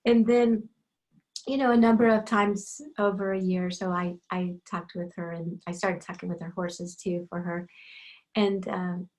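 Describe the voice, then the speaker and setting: A woman's voice: lowish voice, steady tone, moderate pace, darkish tone. A woman working as an animal communicator, telling a casual, meandering story full of asides. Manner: meandering, digressive, lots of asides.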